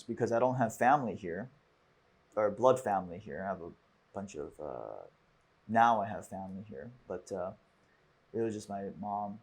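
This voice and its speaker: A man with a fairly low, slightly husky voice hosts a casual podcast conversation. He talks in a reflective, halting way and often stops and restarts his sentences. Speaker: podcast host.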